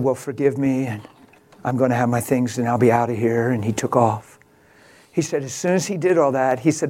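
A male pastor with a mid-range voice preaches a sermon built around a story. He swings between quiet, slow lines and loud exclamations.

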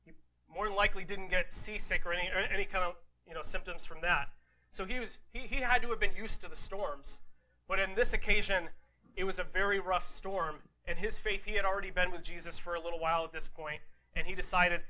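A man delivers a conversational sermon in a raised, bright, high voice with a sharp, forceful edge and a steady tone, captured on a low-quality recording. He reads scripture aloud, then unpacks it casually, repeatedly turning to listeners with rhetorical questions and quick "right?" asides.

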